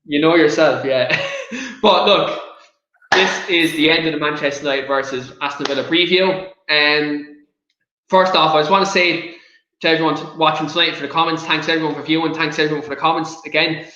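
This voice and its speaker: A man's voice: fairly high pitch, brisk, bright, forceful tone, reverberant, lo-fi sound, a little hiss or hum. An Irish man hosting a casual football chat show, who rants with passion and breaks into giggles. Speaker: podcast host.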